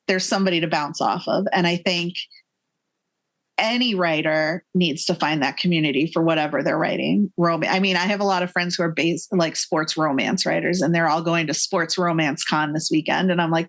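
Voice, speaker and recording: A woman's voice: lowish voice, a little fast. A woman in her forties, a guest author in a casual podcast interview, talking with enthusiasm, many fillers and little acted-out quotes. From Massachusetts.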